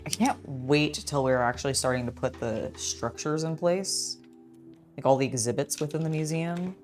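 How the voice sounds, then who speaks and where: Low-voiced woman chatting while building LEGO. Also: moderate pace, a little mellow, soft background music. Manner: chatty and rambling, talks to her cat, many fillers. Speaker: LEGO builder and channel host. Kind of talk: casual building vlog chat.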